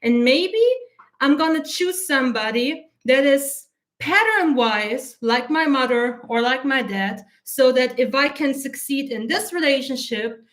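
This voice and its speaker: Woman coach with a high voice, blunt and sweary, animated, teary-eyed from an allergy. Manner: blunt, heavily profane, animated. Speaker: self-concept coach. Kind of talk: casual spoken monologue.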